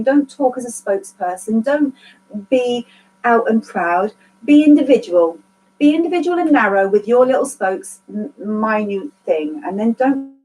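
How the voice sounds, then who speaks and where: A woman's voice: medium pitch, a little mellow, slight background noise, poor audio. A woman, speaking candidly to a support group she organizes, rambling and earnest and swearing freely. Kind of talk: candid casual group talk.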